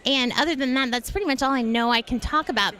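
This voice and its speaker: A woman's voice: high voice, fast, bright, forceful tone, clean tone. A woman in her thirties, a voice actress talking enthusiastically in a convention interview. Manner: bubbly and enthusiastic. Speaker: voice actress and guest.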